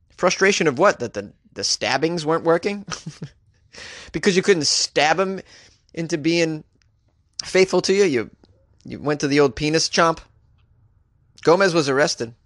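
A man hosting a comedy news podcast, reading stories and riffing on them with wry jokes and sudden jumps in pitch. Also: animated, normal speed, pauses often, fairly bright tone, no echo, studio quality.

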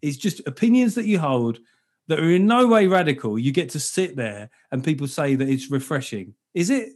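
A man's voice: fairly high pitch, sing-song, normal speed, darkish tone. A man hosting a comedy podcast, chatting in a rambling, jokey way with plenty of swearing. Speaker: podcast host. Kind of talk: casual comedic chat.

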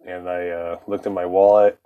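A man's voice: low voice, little pitch movement, moderate pace, clear, resonant tone, narrow, tinny audio. Profane rambling man telling a story. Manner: profane, rambling, laughs often. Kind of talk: casual personal storytelling.

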